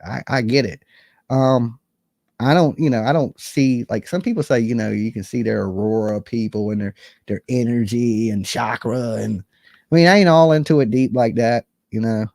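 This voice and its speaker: A man in his forties with a drawl hosts a casual true crime livestream, talking bluntly and swearing freely. His voice sits at an ordinary middle pitch. The sound is close and dry. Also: normal speed, gravelly, darkish tone, dry recording. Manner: blunt, profane, conversational, reads chat comments aloud. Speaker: true crime channel host.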